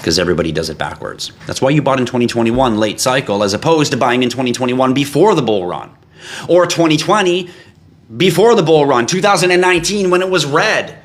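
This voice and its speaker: A Canadian man hosts a crypto livestream, chatting casually with his viewers and reading out their comments in a profane, teasing, animated manner. His voice sits at a medium pitch and he talks fairly quickly.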